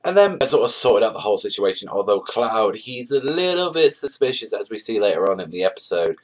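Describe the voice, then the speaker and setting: Young man, anime reviewer, low voice, rambling, filler-heavy, swears casually. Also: sing-song, fairly quick.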